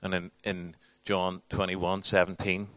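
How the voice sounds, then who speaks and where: A man's voice: low-pitched, flat delivery, unhurried, fairly bright tone, dry recording. A man teaching a church class in a conversational, informal sermon style, with frequent restarts and acted-out quotes.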